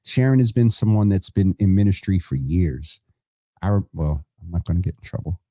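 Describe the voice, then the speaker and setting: A man's voice: low-pitched, steady tone, normal speed, dark tone, no room sound, clean studio sound. A man hosting a live online show, making casual announcements to viewers in a chatty, rambling way, correcting himself as he goes.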